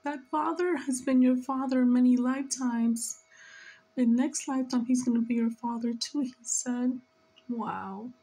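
A tearful woman speaks through an emotional spiritual reading, her voice pitched high. She talks slowly and earnestly, pleading and scolding by turns. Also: fairly even intonation, dark tone, low-quality recording. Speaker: spiritual reader.

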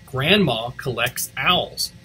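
A man reading a picture book aloud for school morning announcements, expressive and switching between English and Spanish. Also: mid-range voice, slow, faint music behind, low-quality recording. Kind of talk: read-aloud storytelling.

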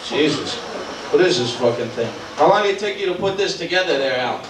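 Young male Boston stand-up, punchy and crude, high voice, roomy bar sound. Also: lively intonation, a little fast, heavy background noise. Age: 20s. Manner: brash, profane, punchy. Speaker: stand-up comedian. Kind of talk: stand-up comedy set. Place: bar comedy club. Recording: roomy club tape from far off, loud crowd. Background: crowd laughter.

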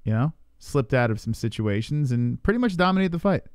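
A man's voice: mid-range voice, lively intonation, a little fast, a little mellow, clean tone, no room sound, clean studio sound. A man hosting a casual live fight reaction stream, reading viewer comments aloud and bantering. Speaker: livestream host.

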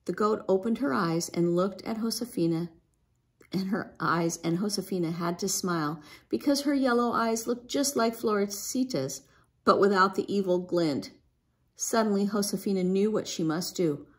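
A woman reading a children's book aloud in a gentle, expressive way. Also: mid-range voice, normal speed. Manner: gentle, expressive, lifts her voice for a young girl's lines. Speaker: storybook reader.

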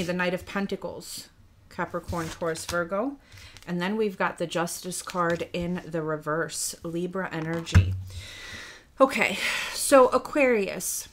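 A woman's voice: on the low side, slight background noise. A woman giving a tarot reading for viewers, earnest and a little out of breath, often calling the listener by star sign and checking in with "okay?". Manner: earnest, addresses the listener by star sign, asks rhetorical questions ending in "okay?". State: slightly out of breath. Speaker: tarot reader.

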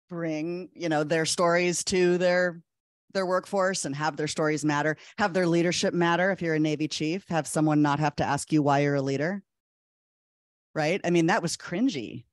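A woman's voice: low-pitched, normal speed, no room sound, clean studio sound. Earnest woman telling a story. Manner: earnest, animated storytelling with restarts. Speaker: clinical psychologist speaker. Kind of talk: conversational panel talk.

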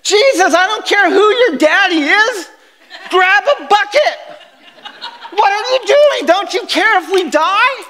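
A man doing exasperated, yelling fishermen. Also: extremely high pitch, expressive, a little slow, slight background noise, voice pushed up, heavily acted. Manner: shouting, incredulous, half-laughing. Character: exasperated fishermen disciples scolding a sleeping man. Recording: echoey chapel hall.

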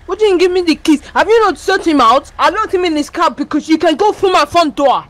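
A man doing a high, scolding driver in broken English. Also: expressive, fairly quick, a bit bright. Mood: indignant. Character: angry male driver demanding his phone back. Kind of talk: police role-play in a game.

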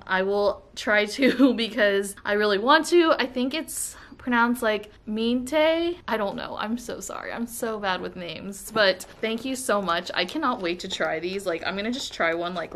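An American woman vlogs from home in a casual, gushing way, breaking into excitable exclamations as she unboxes snacks. Her voice sits at a middling pitch. A faint hiss of noise runs under the recording. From United States. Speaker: vlogger. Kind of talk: casual unboxing and taste-test chat.

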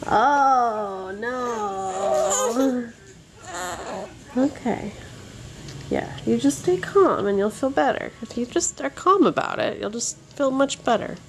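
A woman's voice: sits high, lively intonation, moderate pace, gravelly, noisy background. Young mother cooing in sing-song baby talk. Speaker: mother filming her babies. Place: home living room. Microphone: handheld camera.

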